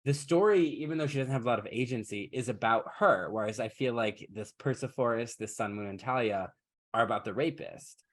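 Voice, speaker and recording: A man's voice: medium pitch, brisk. Wry, sarcastic male podcast host. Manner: casual, swears freely. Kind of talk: casual chat.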